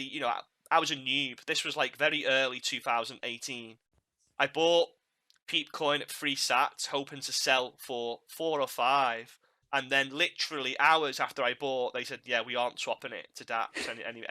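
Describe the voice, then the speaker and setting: A man's voice: on the high side, bright, forceful tone. A man hosting a podcast, chatting casually and animatedly, laughing at his own mishaps and repeating words as he goes. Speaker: podcast host.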